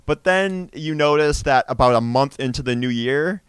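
A man's voice: mid-range voice, normal speed, clear, resonant tone, no echo. A man co-hosting a casual podcast chat with a dry, teasing manner and stammered repeats. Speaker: podcast co-host.

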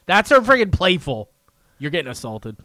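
Dry, deadpan male radio co-host. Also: sits high, normal speed, dry recording. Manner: joking, deadpan repetitions. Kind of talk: casual banter.

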